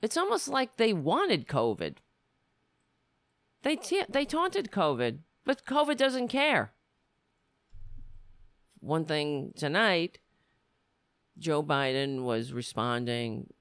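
Sardonic lady ranting in a comic monologue, lots of pitch swings, dry close sound. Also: smooth, no echo. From United States. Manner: sardonic, rambling, animated. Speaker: comedian. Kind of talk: stand-up style comic monologue.

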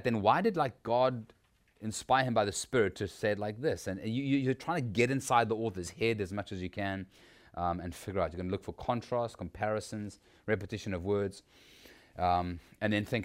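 A preacher leads a workshop on preparing sermons, teaching informally and conversationally with frequent restarts and rhetorical questions. His voice is lowish and moves at a normal speed.

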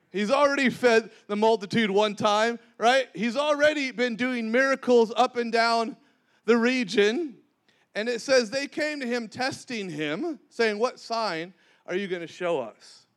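A man with a strikingly high voice preaches a sermon. He is animated, plays out the scripture dialogue with lively changes of voice, and calls on the congregation to echo words back.

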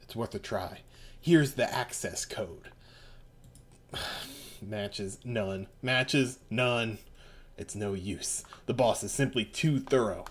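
A man voicing a steady, determined gang leader. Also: lowish voice. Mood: grim. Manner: measured, steady commands. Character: calm, determined young male gang leader. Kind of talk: reading game dialogue aloud.

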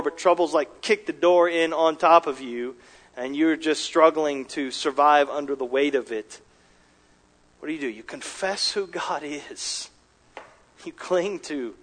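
A man's voice: a little high, a bit bright. A man preaching a sermon as pastor, earnest and emphatic, often restarting his phrases.

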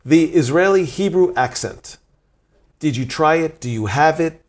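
A man's voice: fairly high pitch, animated, unhurried. A man hosting a casual interview podcast, asking playful questions and laughing easily with his guest. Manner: playful, laughs often, teasing follow-up questions.

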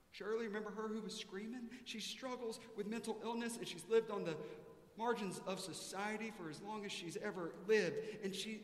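A man preaching a sermon, telling a story with lively storytelling turns and quiet, earnest passages. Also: high-pitched. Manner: storytelling preacher, swings from loud animation to soft earnestness. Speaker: pastor. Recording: echoey church hall.

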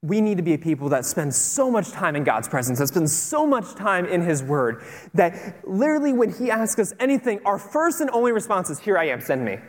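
A man preaching a sermon as a pastor, telling stories in an animated, conversational and earnest way. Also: high-pitched, a little fast. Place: church sanctuary. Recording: long hall reverb with faint music.

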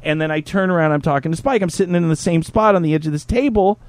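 A man's voice: fairly high pitch, quick pace, no room sound. A man co-hosting a podcast, telling a casual story with plenty of swearing. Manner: profane, animated anecdote teller. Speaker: co-host.

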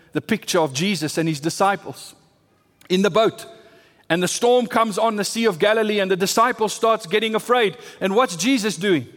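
A male pastor delivers a sermon in a high, light voice. He drives his points home through emphatic repetition and rising bursts of intensity. His words carry a long, lingering reverb. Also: fairly bright tone.

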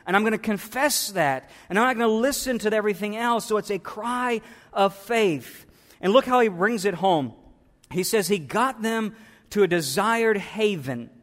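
A man preaching a sermon as pastor to his church, moving from quiet reflection to loud, fervent preaching. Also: sits high, lively intonation, normal speed, in a large hall. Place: church sanctuary.

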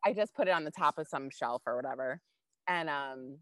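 A woman co-hosting a podcast, telling a personal story in casual, animated chat and swearing freely. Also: rumbling low, fairly quick, dry recording. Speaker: podcast co-host.

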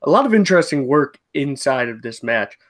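A man leads a casual podcast review, steady and matter-of-fact. He talks at a middle pitch and keeps dropping in small fillers as he lists matches. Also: a little fast. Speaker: podcast host. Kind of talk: casual wrestling review chat.

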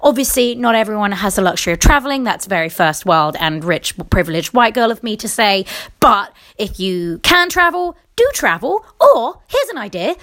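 A woman's voice: medium pitch, sing-song, moderate pace, a bit bright. An English woman hosting a solo podcast, ranting in a rambling, sarcastic way, often cutting herself off and swearing. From England. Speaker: podcast host.

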